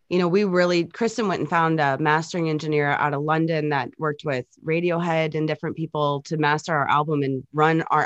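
A young woman with a low voice chats through a relaxed interview. She tells stories and walks through technical points in a friendly, chatty way. The sound is dry and close. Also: dry recording, lo-fi sound. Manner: chatty, storytelling, explains technical details. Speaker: DJ and music producer, guest. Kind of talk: casual interview chat.

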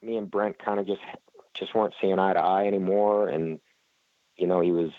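A man's voice: low-pitched, steady tone, normal speed, dry recording, phone-quality sound. A man, a racer being interviewed, talking casually and rambling with lots of fillers and restarts. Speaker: flat track racer, guest.

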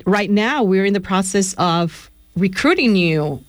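A woman's voice: mid-range voice, expressive, a little slow, a little hiss or hum. A woman co-hosting a community radio show who speaks earnestly and encourages listeners to join. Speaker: radio apprentice co-host. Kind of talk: casual radio chat. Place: radio studio.

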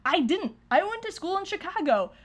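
A woman's voice: extremely high pitch, sing-song, normal speed. A young woman chatting casually as a podcast co-host, sounding nervous, rambling with fillers and restarts and laughing often. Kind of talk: casual chat.

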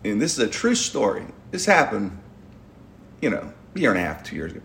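A man's voice: fairly low pitch, wildly swooping pitch, fairly quick, vocal fry, a bit bright, slight background noise. A middle-aged man, hosting a podcast and telling a long rambling story with restarts and stumbles. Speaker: podcast host. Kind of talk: casual storytelling chat.

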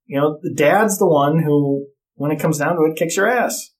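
Man, middle-aged, casual chat, blunt storyteller, profane, slightly higher voice. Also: moderate pace.

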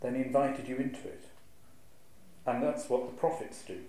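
A man, a clergyman, giving a lively, wry lecture to a live audience and reciting verse with a strong rhythm. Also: mid-range voice, moderate pace. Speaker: clergyman giving a talk on preaching. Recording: very echoey hall, faint ambience.

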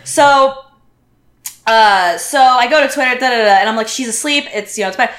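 Woman telling a wild story, higher voice, restarts a lot, roomy echo. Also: moderate pace. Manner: animated, lots of restarts and quoted voices. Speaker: podcast guest. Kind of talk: casual storytelling.

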